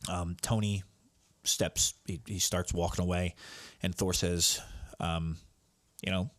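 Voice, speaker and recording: A man's voice: deep voice, unhurried, fairly bright tone, dry recording. A man hosting a comics podcast, recapping issues in a rambling, casual way. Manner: rambling, with restarts and fillers.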